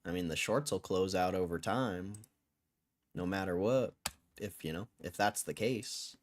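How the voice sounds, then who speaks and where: A man hosting a stock livestream, chatting casually with viewers in a low, flat tone he says can sound angry. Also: unhurried. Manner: breaks into song and a high cheery put-on voice as a joke.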